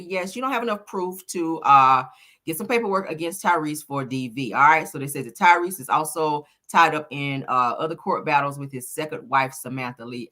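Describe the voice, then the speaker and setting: A woman's voice: very deep voice, bright, forceful tone. A woman hosting a casual celebrity gossip livestream, talking sassily to her chat and peppering her talk with "honey" and "child".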